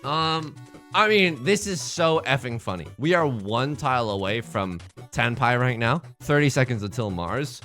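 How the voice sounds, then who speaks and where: Young guy streaming a game, super animated, bright voice, faint music under him, jokes around with chat. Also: medium pitch, unhurried. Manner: rambling, jokey banter with chat, swinging between shouts and mutters. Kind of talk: live-streamed game commentary.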